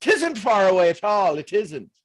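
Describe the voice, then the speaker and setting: A man's voice: high-pitched, very animated, moderate pace, dry recording, pitched above the performer's own voice. Man putting on a folksy Irish brogue. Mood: playful. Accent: Irish, put on. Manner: folksy, teasing, full of colloquialisms. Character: cheeky adult Irishman spinning folksy motivational yarns. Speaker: host.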